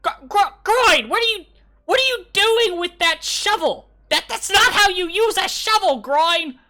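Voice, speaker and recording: Bossy goblin, woman doing the voice, high and loud, all nagging. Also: expressive, unhurried, full character voice. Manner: nagging, yelling. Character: bossy male goblin digger.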